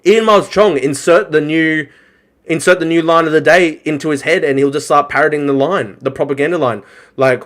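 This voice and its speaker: A man rants on a live reaction stream, his voice pitched a little high. He speaks with scorn and heavy profanity, piling mockery onto his opponents. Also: a little fast. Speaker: political streamer.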